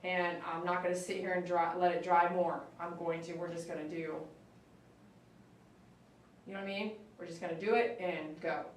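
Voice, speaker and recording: Woman groomer, casual and chatty, coaxes the dog in a sing-song tone; mic set back in a boomy room. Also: little pitch movement, normal speed, a little hiss or hum. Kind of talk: casual live-stream chat while grooming. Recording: very echoey room, mic at a distance.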